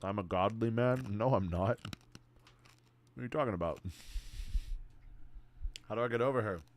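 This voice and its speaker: A young man streaming live, reading and answering chat in an excitable, casual way, swearing freely and calling everyone "bro". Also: lowish voice, moderate pace, slight background noise.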